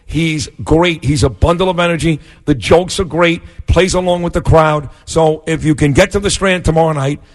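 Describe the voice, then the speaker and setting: A male morning radio co-host bantering with a comedian guest, trading jabs and praise. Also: a little high. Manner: joshing, loud praise, quick jabs. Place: radio studio.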